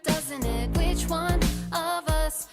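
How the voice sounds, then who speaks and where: A woman singing as a sassy, scornful female animatronic over a loud pop beat, in a mocking, sneering manner. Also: high-pitched, takes it slowly, loud music behind the voice. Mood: scornful sung. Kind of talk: sung pop vocal.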